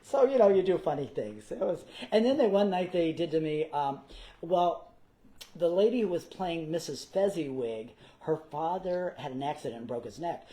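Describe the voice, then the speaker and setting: A man, a guest performer, telling theater anecdotes in a casual interview, animated and theatrical. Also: on the high side, moderate pace, low-quality recording. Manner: animated, theatrical, slips into character voices.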